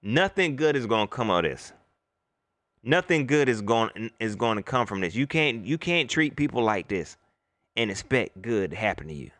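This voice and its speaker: Animated man ranting on a livestream. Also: mid-range voice, moderate pace, no echo. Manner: animated, rants, greets chat viewers by name. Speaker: host. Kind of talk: livestream sports rant. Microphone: laptop mic.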